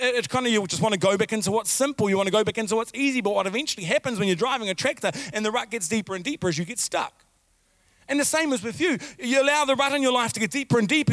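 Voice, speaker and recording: A man preaching a sermon as pastor, animated, with sudden shouted outbursts and repeated phrases. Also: extremely high pitch, dry recording.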